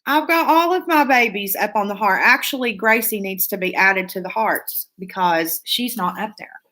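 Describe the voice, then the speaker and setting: A woman's voice: mid-range voice, moderate pace, pushed and bright. A woman hosting a casual beauty live stream, reading viewer comments aloud in a gushing, chatty way with lots of fillers.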